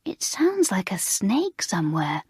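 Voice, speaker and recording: A woman voicing a sensible, earnest teenage head girl who speaks reasonably and protests calmly. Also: mid-range voice, unhurried, husky, no room sound, heavily acted.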